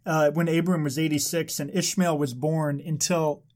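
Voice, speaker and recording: A man co-hosting a casual podcast who sets up the scripture passages for his partner. His voice sits a little high. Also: level tone, normal speed, a little mellow. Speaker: podcast co-host. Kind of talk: casual chat, reading scripture.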